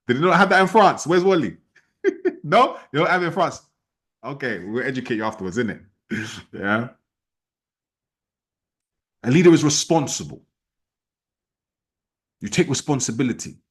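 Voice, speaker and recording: A man leading an online sales team training, talking in a forceful, repetitive, challenging way. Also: on the high side, breathy edge. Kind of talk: motivational training talk.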